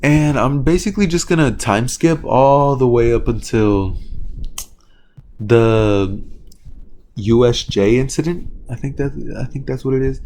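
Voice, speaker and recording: A young man of middle pitch tells a homemade fan story in a casual, offhand way. He rambles, stops to correct himself, and leans on fillers. A faint hiss sits under the voice. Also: measured pace, darkish tone. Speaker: channel host telling a fan story. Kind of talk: casual improvised fan-fiction narration.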